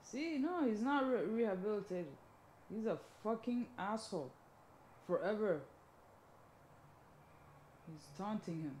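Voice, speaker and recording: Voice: medium pitch, lively intonation, measured pace, pauses often, a little mellow, reverberant, slight background noise. A movie reaction host giving a blunt, profane running commentary while watching a film.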